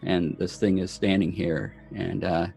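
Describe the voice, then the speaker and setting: A man narrating as dungeon master of a tabletop game, slow and halting with many fillers. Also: sits low, fairly even intonation, gravelly, a little mellow, soft background music.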